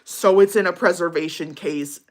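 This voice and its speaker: A woman's voice: fairly low pitch, moderate pace. A young woman casually chatting with viewers on her livestream, bubbly and giggly, with lots of likes and ums. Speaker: livestream host.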